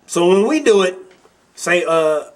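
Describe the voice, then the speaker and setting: A man with a high-pitched voice rants on his own political podcast, angry and blunt. He swears freely, mocks his opponents, and talks straight at the listener. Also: lively intonation, measured pace. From Milwaukee, Wisconsin. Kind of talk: profane political rant.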